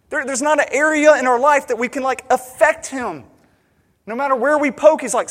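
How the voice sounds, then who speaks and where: A man preaching a sermon as a pastor, emphatic, swinging between loud urgency and quiet intimacy. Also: very high-pitched, big pitch swings, a little fast. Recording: long hall reverb.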